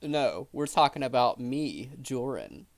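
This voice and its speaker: A man's voice: medium pitch, big pitch swings, measured pace, vocal fry, no echo. A man giving casual commentary, chatty and filling his talk with "like". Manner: chatty, fills with "like". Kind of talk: casual commentary over clips.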